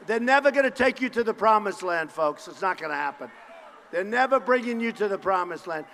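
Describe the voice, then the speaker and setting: Boastful high-voiced man at a rally. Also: a little fast. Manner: boastful, repetitive punchy phrases, bursts of shouting. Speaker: political candidate at a campaign rally. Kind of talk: campaign rally speech. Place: large indoor rally venue. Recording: long reverb of a large hall.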